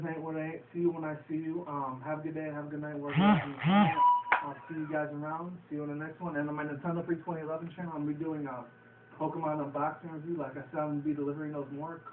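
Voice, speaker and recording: A man's voice: on the high side, slight background noise. A young man recapping a comedy movie in a loose, profane, rambling way. He laughs at his own retelling. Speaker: vlogger reviewing a movie. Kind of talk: casual rambling movie review. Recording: echoey phone-quality audio from a distance.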